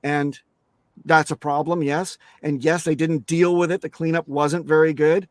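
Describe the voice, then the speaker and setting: A man's voice: on the high side, little pitch movement, normal speed, dry recording, clean studio sound. Blunt, emphatic man talking crypto security. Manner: emphatic, blunt, swears, many restarts. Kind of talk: casual interview talk.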